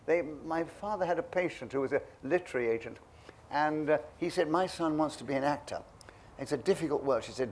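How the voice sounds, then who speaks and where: An older man is being interviewed, and he reminisces through anecdotes, acting out the voices of the people in them like a lively storyteller. His voice is slightly high and slightly fast, with a faint hiss or hum in the background.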